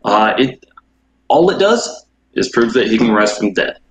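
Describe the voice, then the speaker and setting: Lowish-voiced dude, thoughtful and skeptical, roomy echo and a faint hiss. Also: male voice, sing-song, moderate pace. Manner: questioning, thoughtful, hedging. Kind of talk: casual conversation. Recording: echoey room with faint background noise.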